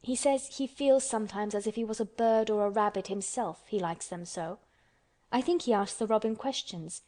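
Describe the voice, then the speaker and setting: A woman's voice: mid-range voice, normal speed, darkish tone, lightly acted. Woman reading as a stubborn little orphan girl, blunt and contrary, straight to the point. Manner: blunt and obstinate.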